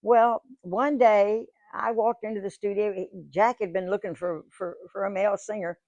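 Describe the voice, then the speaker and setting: A woman's voice: mid-range voice, fairly even intonation, normal speed, darkish tone, dry recording, muffled recording. A woman, telling stories to a live audience in a chatty, folksy way with many restarts. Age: 90s. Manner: chatty, folksy, repeats words and restarts often. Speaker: guest speaker, singer. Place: museum lecture room.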